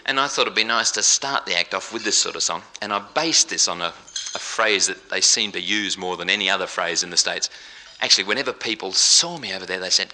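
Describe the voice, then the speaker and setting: A man's voice: fairly low pitch, animated, fairly quick, pushed and bright, a little hiss or hum. A man doing rambling, jokey, sing-song stage patter between songs, live on a theatre stage in London. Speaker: entertainer.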